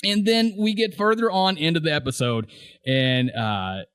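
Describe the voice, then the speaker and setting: Chatting about a TV show on the podcast he co-hosts, this man keeps laughing while recounting beloved scenes and acting out lines. He speaks a little high at a moderate pace, his tone fairly bright, clear, and resonant, in studio-quality sound with no room echo.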